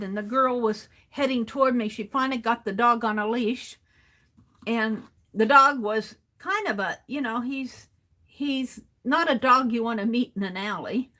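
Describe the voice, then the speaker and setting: A woman's voice: high-pitched, pushed and bright. A woman hosting a crafting livestream, rambling through a casual story as she works and chuckling often between sentences. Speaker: art journaling livestream host.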